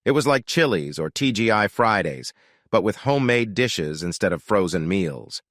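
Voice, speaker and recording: A man narrating a first-person story in a steady, scripted way. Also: on the low side, normal speed, slight background noise.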